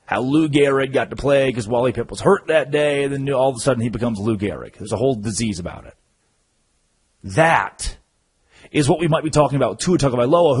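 A man's voice: mid-range voice, a little mellow, breathy edge, low-quality recording. A man hosting a sports talk radio show, delivering an emphatic, storytelling monologue.

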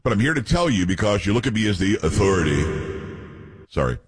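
A man's voice: on the low side, sing-song, fast, husky. A man hosting a talk radio show, reading news aloud with blunt opinions and joking asides to his co-hosts.

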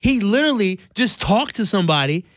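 A man's voice: high voice, sing-song, brisk, a bit bright, no echo, clean studio sound. A man in a casual chat who mocks and presses with questions.

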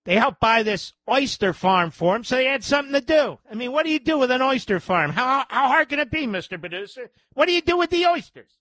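A man's voice: extremely high pitch, expressive, a little fast, few pauses, sharp tone, no echo. A man hosting a talk radio show, ranting sarcastically and firing off mocking, incredulous questions.

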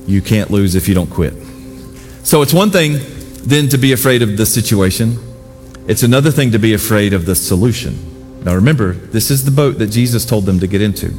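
A man preaching a sermon with animated, emphatic delivery and repeated exhortations. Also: fairly low pitch, a little fast. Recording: long hall reverb with faint music.

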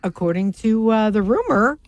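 A woman co-hosting a radio talk show, trading quick teasing banter. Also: on the high side, expressive, dry recording, clean studio sound. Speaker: radio co-host. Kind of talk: casual radio chat.

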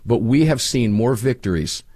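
With lively intonation and a warm tone, a radio host speaks at a moderate pace and medium pitch as a political talk show guest. He narrates emphatically, recorded cleanly in a studio with no room sound.

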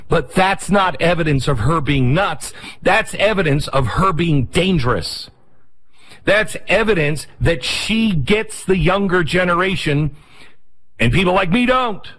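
A middle-aged man hosting a talk show, delivering a rapid, sarcastic opinion monologue. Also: fairly high pitch, fairly bright tone.

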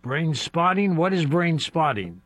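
A male radio host takes callers in a breezy, lively voice. His pitch is slightly raised and moves around a lot, and the sound is dry and close. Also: a little slow, no room sound. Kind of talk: radio call-in hosting.

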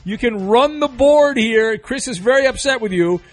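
A high-pitched man runs a radio survey game with quick, teasing banter. He pokes fun at himself between answers, and faint music plays behind him. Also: lively intonation. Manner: quick, teasing, self-deprecating.

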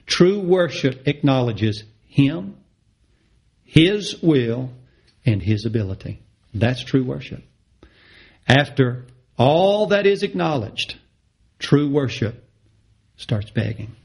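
A middle-aged man preaching a sermon, passionate and repetitive, his voice climbing high on the words he stresses. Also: sing-song, slow, gravelly, long pauses, husky. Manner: impassioned, repeats phrases for emphasis, rises sharply in pitch on key words.

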